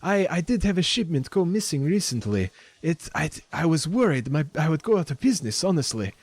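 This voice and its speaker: A man's voice: on the high side, big pitch swings, a little fast, darkish tone, dry recording, voice pushed up. A man voicing an eager, anxious woman shopkeeper with a put-on accent, stammering and gushing in a tabletop game. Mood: grateful. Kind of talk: tabletop role-play voice.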